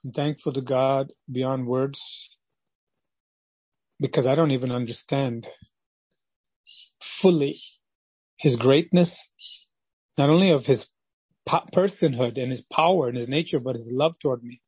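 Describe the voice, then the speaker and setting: A man's voice: medium pitch, a little slow, long pauses, darkish tone, breathy edge, no echo, dull audio. A male preacher giving a devotional sermon with passion, acting out the quoted voices of the people in his story. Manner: impassioned, acts out quoted voices of God and Cain.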